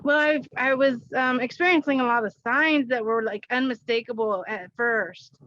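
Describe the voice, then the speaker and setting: A woman's voice: on the high side, moderate pace, fairly bright tone, dry recording. Hesitant woman client, dull dry sound. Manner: hesitant, laughs often. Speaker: client at a reading. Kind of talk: casual conversation.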